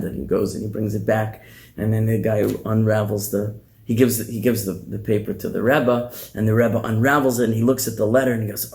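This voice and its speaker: A man, a rabbi teaching a class, telling a story in a conversational, animated way with many restarts. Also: on the low side, a little fast. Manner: animated, conversational, repeats words. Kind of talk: storytelling in a lecture.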